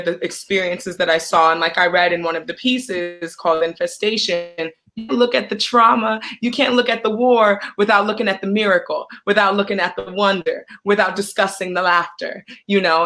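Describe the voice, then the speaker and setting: Bright-voiced woman author answering questions. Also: fairly low pitch, rough recording. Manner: searching, full of restarts. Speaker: poet and author.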